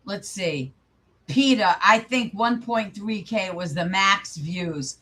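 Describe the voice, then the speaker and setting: A woman's voice: medium pitch, takes it slowly, pushed and bright. A young woman hosting her channel, casually commenting live in an angry, profane, rambling way. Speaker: channel host.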